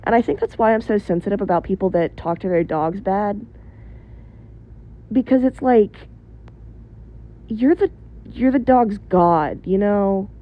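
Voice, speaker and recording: A woman's voice: mid-range voice, a little slow, pauses often, dull audio. A woman talking straight to camera in a casual opinion monologue, blunt and candid, swearing freely and rambling through asides. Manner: rambling with many fillers and asides. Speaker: vlogger.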